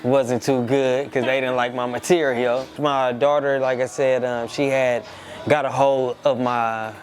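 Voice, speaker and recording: A man's voice: mid-range voice, flat delivery, measured pace. A comedian being interviewed, telling his story in a laid-back, rambling way. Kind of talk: casual interview chat.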